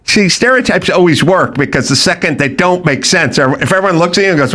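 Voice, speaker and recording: Middle-aged guy hosting a comedy talk show, high bright voice, sarcastic ranting. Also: animated, moderate pace. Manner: sarcastic, mocking, mimics others in exaggerated voices. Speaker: podcast host.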